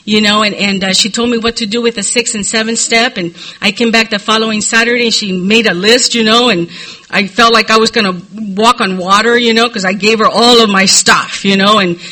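A middle-aged woman speaks into a podium microphone, giving a candid personal testimony at a recovery meeting. Her voice is very bright, and her storytelling is loose and confessional, with frequent "you know" fillers. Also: mid-range voice, steady tone, brisk, poor audio.

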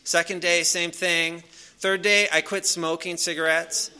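Bright-voiced man telling a rambling story. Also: a little high, little pitch movement, measured pace, clear, resonant tone. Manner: rambling, loose, full of fillers and restarts. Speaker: speaker sharing a recovery story. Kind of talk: casual storytelling to a live audience.

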